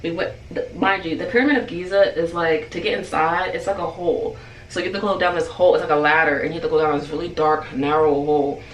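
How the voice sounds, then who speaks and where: A woman's voice: on the low side, fairly even intonation, quick pace. A woman telling a casual storytime for her channel in a chatty way, full of "like" and acted-out dialogue. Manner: chatty, heavy use of "like", acts out quoted dialogue. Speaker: beauty vlogger. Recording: roomy sound, distant mic, faint noise.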